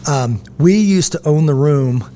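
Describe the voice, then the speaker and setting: A middle-aged man with a slightly raised pitch hosts a relaxed conversation, spinning stories and slipping into the voices of people he quotes. A faint hum sits under the recording. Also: unhurried. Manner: storytelling, animated, acts out quotes. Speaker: podcast host. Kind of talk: casual conversation.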